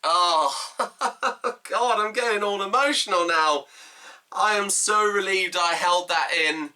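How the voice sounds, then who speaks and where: A man's voice: high-pitched, takes it slowly, pushed and bright. A young man hosting a fan stream, gushing and laughing often as he wraps up. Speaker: fan host of a themed stream. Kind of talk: casual emotional fan commentary.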